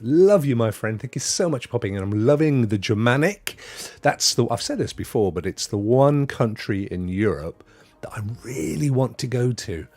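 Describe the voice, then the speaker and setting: A British man in his fifties hosts a casual live stream, chatting easily and chuckling as he greets viewers by name. His voice is slightly husky, and his pitch rises and falls a lot as he talks. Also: expressive, normal speed, darkish tone. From United Kingdom.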